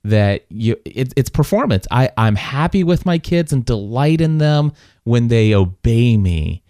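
Earnest young man, halting speech. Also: mid-range voice, expressive, warm tone, no echo, clean studio sound. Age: young adult. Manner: earnest, halting, repeats words as he starts sentences. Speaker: podcast host, father. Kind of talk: casual interview talk.

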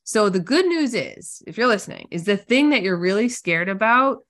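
A woman's voice: medium pitch, normal speed. A woman who is a business coach, talking casually and energetically in a podcast interview, telling stories full of "like". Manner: energetic, casual, lots of "like", animated storytelling.

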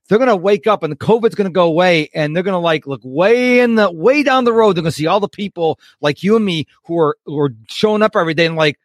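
A male podcast host makes his points emphatically. His voice is a little high. The sound is dry and close, with no room echo. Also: lively intonation, a little fast, few pauses. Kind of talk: casual interview.

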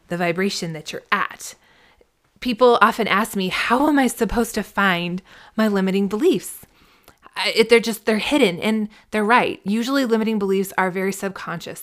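A woman's voice: medium pitch, fairly bright tone, smooth. A woman business coach talking through a podcast episode in an earnest, encouraging, conversational way. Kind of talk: podcast monologue.

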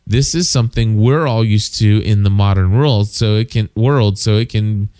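A man's voice: fairly low pitch, moderate pace, mellow, smooth, no room sound, studio quality. A man co-hosting a casual podcast, reading listener feedback aloud with many fillers and side comments. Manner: reads listener mail aloud with frequent fillers and asides.

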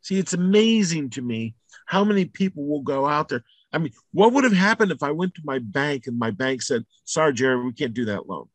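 A man giving a motivational talk, blunt and emphatic, repeating his points and building to loud peaks. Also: a little high, big pitch swings, fairly quick, no echo. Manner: salty, blunt language. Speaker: motivational speaker.

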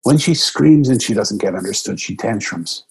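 A middle-aged man earnestly telling a personal story, emotional and reflective, his pitch jumping up when he quotes himself. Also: animated, normal speed, creaky, darkish tone, husky, poor audio.

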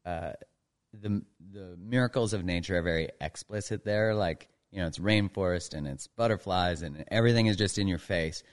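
A man from Canada with a very deep voice speaks as a podcast guest. He talks in an easygoing, thoughtful way, pausing with ums and you-knows as he goes. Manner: easygoing, reflective, with fillers. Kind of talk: casual podcast interview.

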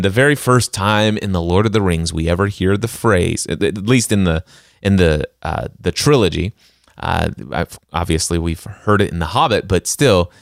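Chatty low-voiced male host. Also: creaky, no room sound, studio quality. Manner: enthusiastic, chatty, with restarts. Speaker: channel host. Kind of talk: casual commentary.

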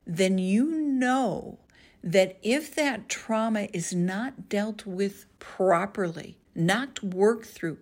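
A woman hosting a podcast, giving an earnest Bible teaching and stressing key words slowly. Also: mid-range voice. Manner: earnest, deliberate, drawn-out emphasis on key words. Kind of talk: scriptural teaching monologue.

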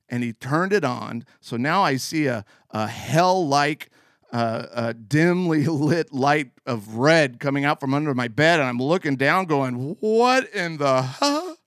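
Animated man telling a comic story. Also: mid-range voice, dry recording, clean studio sound. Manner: animated, laughs mid-sentence. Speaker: show host.

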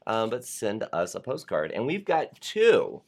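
A man's voice: on the low side, huge pitch swings, unhurried, darkish tone. A man hosting a casual live talk show, chatting loosely and reading viewer postcards aloud.

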